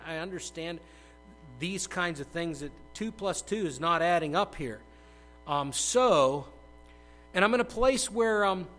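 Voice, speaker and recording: A middle-aged male pastor preaching a conversational sermon, dropping to hushed asides and bursting into loud acted quotes. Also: high voice, poor audio.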